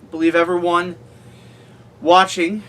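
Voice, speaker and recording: A man's voice: high-pitched, little pitch movement, measured pace, fairly bright tone. A man hosting an in-character interview, hesitant and stammering. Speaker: host interviewer.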